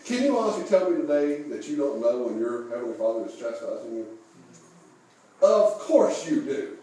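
A man's voice: mid-range voice, sing-song, moderate pace, dark tone. A male pastor preaching a sermon, telling folksy stories with chuckles and asking the congregation questions. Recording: echoey room, mic far off.

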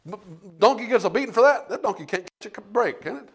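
A man preaching a sermon in a folksy, animated storytelling way, often asking the congregation "Amen?". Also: sits high, fast talker, breathy edge.

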